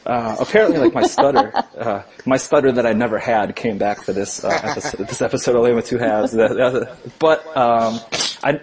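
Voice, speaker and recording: A man co-hosting a sports podcast, wry and jokey, halting with fillers and restarts. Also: mid-range voice, big pitch swings, crowd noise. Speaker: podcast co-host. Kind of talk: casual joking chat.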